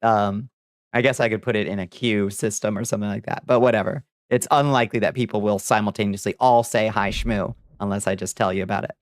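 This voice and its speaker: A man livestreams in casual chat with viewers, laughing often and swearing offhandedly. His voice is fairly low with fairly even intonation and a quick pace, recorded dry with clean studio sound.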